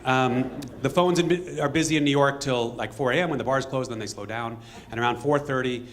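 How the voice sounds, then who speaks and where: A man telling a true story on stage to a live audience in a fast, conversational way, acting out bits of dialogue. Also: medium pitch.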